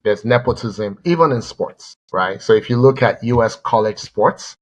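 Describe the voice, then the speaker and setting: A man co-hosting a sports podcast, telling stories in a rambling, animated way and often repeating words. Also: on the low side, normal speed, rough recording. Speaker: podcast co-host. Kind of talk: casual sports chat.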